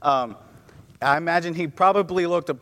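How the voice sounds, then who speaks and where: A man's voice: fairly high pitch, normal speed, a bit bright. Young male preacher, earnest, stumbling restarts, church hall with long reverb. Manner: earnest, repeats words and restarts often. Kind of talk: sermon with personal story.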